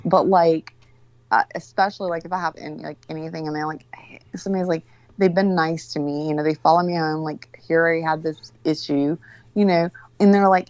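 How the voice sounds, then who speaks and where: A woman's voice: deep voice, fairly even intonation, fairly quick, a little mellow, no room sound, highs cut off. A woman telling a story in casual chat, rambling, exasperated and full of swearing.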